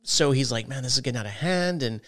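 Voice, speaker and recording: A man's voice: mid-range voice, lively intonation, quick pace, fairly bright tone. A middle-aged father co-hosting a gaming podcast, rambling through stories and acting out little exchanges. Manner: rambling storyteller, acts out haggling with rising voice. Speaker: podcast co-host. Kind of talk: casual chat.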